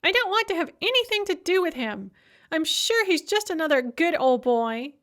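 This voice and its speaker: A woman's voice: extremely high pitch, big pitch swings, normal speed, fairly bright tone, voice pushed up, heavily acted. A woman narrator voicing a supercilious, self-absorbed young woman activist who whines and talks down to others. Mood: scornful. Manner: condescending, complaining.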